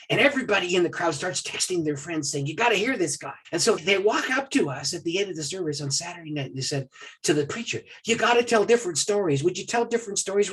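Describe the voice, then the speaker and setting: A man's voice: fairly high pitch, husky. A man, a pastor, telling a long personal story in a podcast interview and acting out what the other people in it said. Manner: animated storyteller who acts out what others said.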